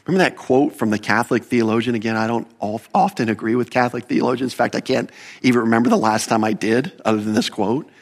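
Guy preaching in church, voice jumps up high on the big points, keeps correcting himself. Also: fast. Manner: animated preaching, rising pitch on emphatic points, asides and self-corrections. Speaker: pastor. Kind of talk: sermon.

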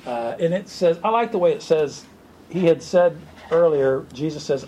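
A man preaching an informal sermon to a small group, animated and joking. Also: on the high side, moderate pace, slight background noise, low-quality recording. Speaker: pastor.

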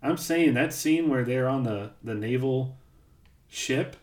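A laid-back man co-hosts a casual podcast in a roomy, echoey space. His voice sits at a middle pitch, and he talks in an easygoing way with a ready laugh. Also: slow pace, darkish tone. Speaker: podcast co-host. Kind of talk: casual chat. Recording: roomy echo.

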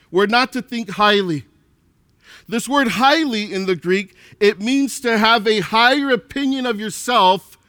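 A man's voice: high voice, sharp tone, clear, resonant tone, dry recording, clean studio sound. A male pastor preaching a sermon, repeating key words for emphasis and acting out quotes of a proud churchgoer. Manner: acts out quotes of an arrogant churchgoer.

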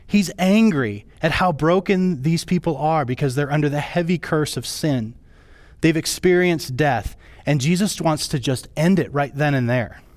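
A man preaching a sermon as pastor, his voice rising high and falling low for emphasis. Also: normal speed, dry recording.

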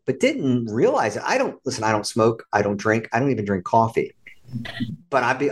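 Man guest telling his story, animated and lively, does others' voices. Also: mid-range voice. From United States. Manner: animated, acts out quoted voices. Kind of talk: conversational storytelling.

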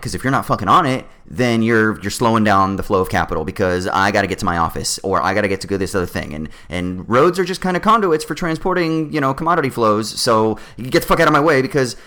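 Animated man, swearing freely. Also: lowish voice. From Southern California. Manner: animated, swears freely, acts out other drivers. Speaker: podcast co-host. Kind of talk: casual podcast chat.

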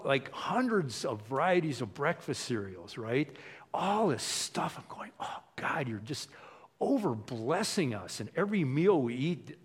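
Man, relaxed sermon, mid-pitched voice, lively quoted asides. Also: slightly rough. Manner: conversational, animated, acts out quoted voices. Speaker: pastor. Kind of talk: casual sermon.

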